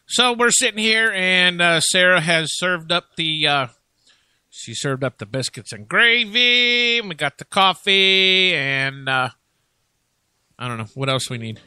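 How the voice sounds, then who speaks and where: A man hosting a relaxed radio chat, talking in a loose, rambling way full of fillers and jokes. His voice is sharp and forceful, with a slightly raised pitch. The sound is dry, close to the mic. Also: a little slow, clean tone, no room sound. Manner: rambling, filler-heavy, joking. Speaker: radio show host.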